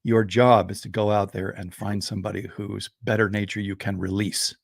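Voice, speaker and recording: Brief: male storyteller with a gravelly, bright voice, dry close sound, animated joke-telling. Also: fairly low pitch, moderate pace, dry recording. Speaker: storyteller, co-host. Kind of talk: casual podcast storytelling.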